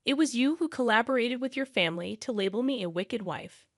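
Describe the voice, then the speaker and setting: Woman reading a first-person drama story, kinda high voice, super dry close sound. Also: lively intonation, a little fast, no room sound. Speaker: narrator.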